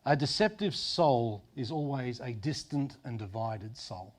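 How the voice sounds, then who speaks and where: A middle-aged Australian pastor preaching a sermon in a conversational way, dropping to soft low tones for emphasis. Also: male voice, lively intonation, a little slow. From Sydney, Australia.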